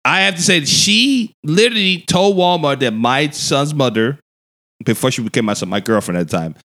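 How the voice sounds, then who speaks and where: A man telling a long personal story in a podcast chat, animated and profane, acting out the voices he quotes. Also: a little high, brisk. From Louisiana. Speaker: podcast guest. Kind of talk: casual storytelling.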